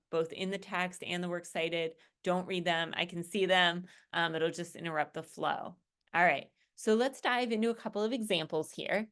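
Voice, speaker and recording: A woman with a fairly low voice gives a recorded college English lecture over shared slides. She explains the assignment in a relaxed, conversational way and keeps checking in with "right?" and "okay?".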